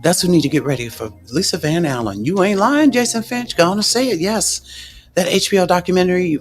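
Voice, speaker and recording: Sassy, animated woman commenting on a livestream. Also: fairly low pitch, a little fast, faint music behind. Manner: animated, sassy and indignant, talks back to viewers.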